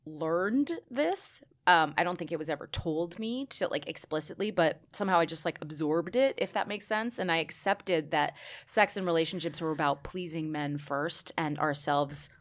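A woman's voice: deep voice, moderate pace, few pauses. A woman in her early forties co-hosting a podcast, talking candidly and telling stories with quoted lines. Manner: animated storyteller, quotes people, laughs often. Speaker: podcast co-host. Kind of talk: candid casual chat.

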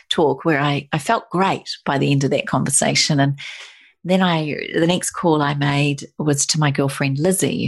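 A middle-aged woman recounting a personal story with a low, gravelly voice. Her tone is husky, and she tells it with feeling, stumbling and restarting as she goes. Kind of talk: personal anecdote in conversation.

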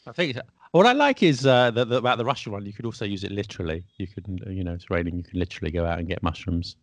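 A man hosting a casual podcast about the English language, an English teacher who asks questions in a playful, lively way. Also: on the low side, racing, no room sound. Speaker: podcast host. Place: Paris.

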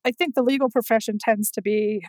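Podcast host: woman, higher voice, dry close mic, thoughtful and conversational. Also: fairly even intonation, fairly quick, darkish tone, no room sound, rough recording. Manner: conversational, thoughtful, light laughs. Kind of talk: casual interview chat.

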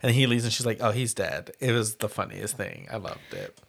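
Male podcast co-host, expressive and animated, casual swearing, retells scenes with big pitch swings. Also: brisk, gravelly, husky. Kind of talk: casual chat reviewing a film.

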